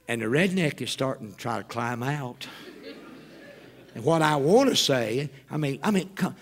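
Gravelly man preaching a story sermon. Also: medium pitch, moderate pace. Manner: animated storyteller with wry self-mocking humor. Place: church sanctuary.

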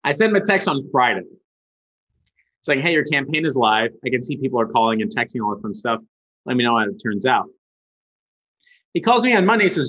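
A man being interviewed as a guest, telling a story with lively energy. He talks casually, swears freely and acts out the people in his story. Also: mid-range voice, fairly quick, long pauses. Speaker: guest, ad agency founder. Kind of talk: animated storytelling. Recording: dull lo-fi sound.

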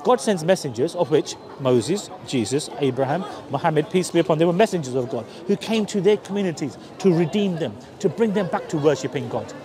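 A man's voice: a little high, animated, brisk, few pauses. A man from East London with a Cockney accent, preaching earnestly outdoors and often restarting his sentences. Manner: earnest, repetitive, frequent restarts. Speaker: street preacher. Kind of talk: persuasive street preaching. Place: outdoors on a busy city street. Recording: busy street crowd noise.

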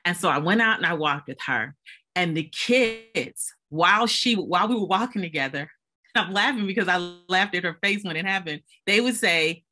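A woman speaking as a panelist and former volunteer, telling animated stories from her service over a video call. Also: lowish voice, moderate pace. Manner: animated storytelling, laughs while telling. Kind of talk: panel discussion recollection.

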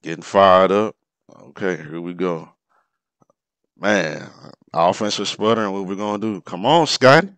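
A man with a low, smooth voice talks his way through an old basketball game replay. He reacts loudly to the plays, swinging between muttered asides and excited outbursts. The recording is dry and close. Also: unhurried, pauses often, no room sound. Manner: animated, exclaims and laughs over plays. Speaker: sports commentator. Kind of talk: casual replay commentary.

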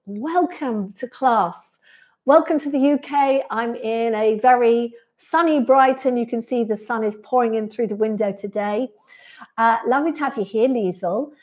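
Pilates instructor, woman, slightly high voice, friendly and chatty with viewers. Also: moderate pace, darkish tone. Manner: friendly, reads out viewer comments and replies to each. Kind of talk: chatty live-stream Q&A after class. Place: sunny room indoors.

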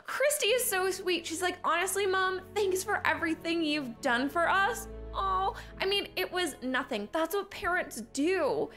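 A woman hosting and narrating a game role-play in a gushing, excitable way, gasping often. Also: sits high. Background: background music.

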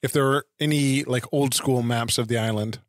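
A man talking casually as a player in a tabletop game, teasing and halting with fillers. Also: medium pitch, fairly even intonation, no room sound, studio quality.

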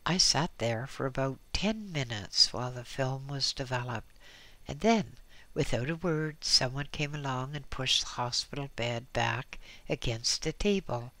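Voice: mid-range voice, a little slow, sharp tone. A reader narrating a first-person memoir with dry, wry asides. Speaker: audiobook reader.

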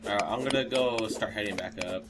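Low-voiced young man giving directions. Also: loud music behind the voice. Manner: directing, quick outbursts when flustered. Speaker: gaming host. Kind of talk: casual game chat.

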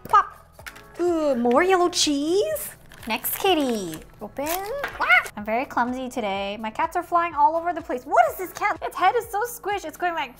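A woman's voice: sits high, fairly bright tone. A woman hosting a casual toy unboxing, bubbly and exclaiming as she talks to viewers like friends.

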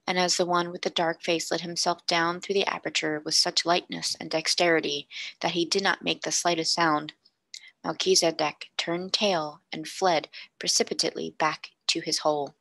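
A woman reading a classic novel aloud in a measured, expressive narration. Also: fairly low pitch, gravelly, no echo. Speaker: storybook reader.

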